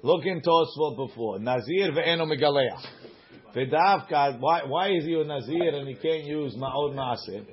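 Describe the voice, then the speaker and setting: A man's voice: fairly high pitch, unhurried, breathy edge, highs cut off. A man teaching a Talmud class, reading the Aramaic in a sing-song study chant and explaining it in English.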